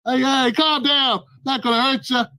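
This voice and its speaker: A man's voice: extremely high pitch, steady tone, moderate pace, sharp tone, clear, resonant tone, pitched above the performer's own voice, exaggerated voice. A man acting out a condescending male home invader who pretends to be a helper, in a mock-soothing tone. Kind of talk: acted-out skit in a commentary vlog.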